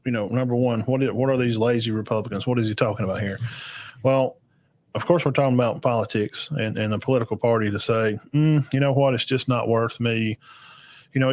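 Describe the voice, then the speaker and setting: A man's voice: mid-range voice, a little mellow. A middle-aged man hosting a podcast reaction stream, talking casually with many fillers and restarts.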